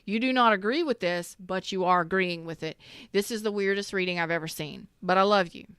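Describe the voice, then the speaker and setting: A woman's voice: medium pitch, a little fast, fairly bright tone, clear, resonant tone, dry recording, studio quality. A woman doing a live tarot reading on a stream, chatty and slangy, greeting viewers by name and repeating herself. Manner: swears casually, slangy.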